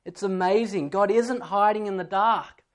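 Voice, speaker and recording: This pastor has a high voice and speaks at a normal speed. He preaches a sermon full of stories, sometimes acting out a child's voice in his anecdotes.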